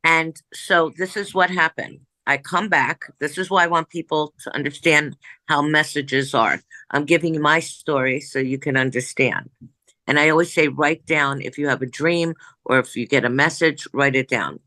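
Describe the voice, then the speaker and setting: A woman, a psychic medium, telling a story in an interview in an animated way, jumping back and forth and acting out what people said. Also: sits low, moderate pace, dry recording, poor audio. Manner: animated, jumps back and forth, acts out quoted dialogue.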